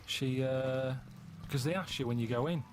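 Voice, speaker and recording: A man telling meandering stories in a flat, deadpan way during casual chat. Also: medium pitch, moderate pace, soft background music. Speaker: regular on a comedy podcast. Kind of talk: casual chat, rambling anecdotes.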